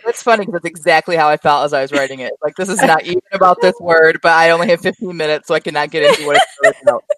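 A woman co-hosting a writing podcast, chatting casually and laughing at herself in quick bursts. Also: low voice, big pitch swings, rough recording. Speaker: podcast co-host and writer. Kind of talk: casual chat.

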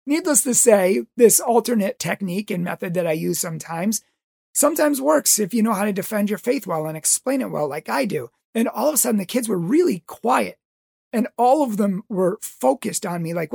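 A man's voice: high-pitched, animated, normal speed, gravelly, darkish tone, husky, no echo, studio quality. A man who teaches religious education tells a story with passionate pleading and acts out voices. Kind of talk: impassioned storytelling talk.

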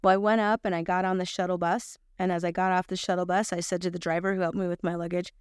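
A middle-aged woman gives a devotional Bible lesson, telling a personal story and acting out the people in it. Her voice is smooth and clear. The recording is dry and close. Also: fairly low pitch, fast, dry recording. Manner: animated storyteller, acts out quoted voices. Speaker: Bible study teacher.

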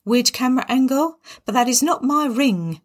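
A scheming young bride-to-be, voiced by a woman, in a storybook reading. She sounds prim and defensive, pitched slightly above the narration. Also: animated, normal speed.

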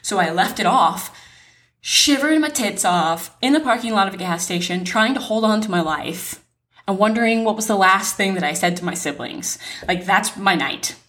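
A young woman podcast co-host telling a dramatic story in a lively, animated way, swearing and laughing as she goes. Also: mid-range voice.

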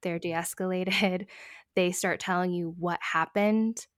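A woman's voice: lowish voice, fairly even intonation, slow, no room sound. Earnest woman mediator, dry close sound. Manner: earnest, emphatic, laughs often. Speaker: mediator, podcast guest. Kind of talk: conversational interview.

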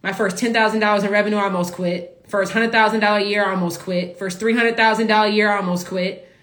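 A woman business coach in a casual live stream, talking emotionally to her followers, repeating herself and filling pauses with "like". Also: medium pitch, steady tone, fairly bright tone, reverberant. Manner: emotional, repetitive, full of filler "like".

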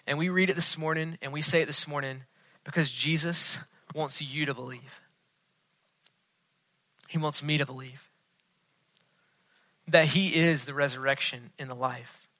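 A male pastor delivers a sermon in an earnest voice, sinking to a near hush to press home a point. His voice sits a touch high and sounds bright and sharp. The sound is dry and close. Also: steady tone, a little slow, pauses often, no room sound. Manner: earnest, dropping to a hush for emphasis.

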